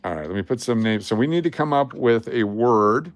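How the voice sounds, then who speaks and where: A man's voice: medium pitch, lively intonation, brisk. A man hosting a casual livestream, talking to his chat in a blunt, joking, rambling way. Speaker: livestream host.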